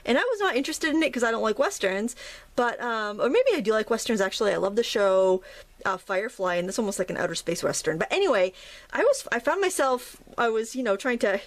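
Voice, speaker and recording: A woman's voice: on the high side, animated, fast. A middle-aged woman from New England, chatting and rambling while she teaches a watercolor painting tutorial, often laughing at herself. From New England, United States. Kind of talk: casual narrated painting tutorial.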